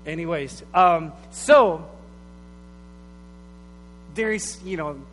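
A man's voice: fairly high pitch, extremely slow, fairly bright tone. A man giving a conversational, storytelling sermon. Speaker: pastor. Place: church hall. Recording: reverberant hall with mains hum.

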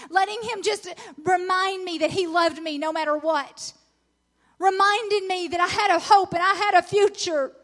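A middle-aged woman preaching at a women's conference, earnest and encouraging, swelling into excited emphasis when she reads scripture. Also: very high-pitched. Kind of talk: sermon.

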